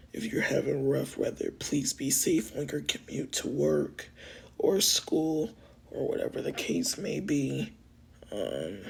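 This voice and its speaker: A man with a gravelly, husky voice wraps up a livestream in no hurry, drawing out his goodbyes. His talk is rambling and heartfelt, a casual chat with his viewers. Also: mid-range voice.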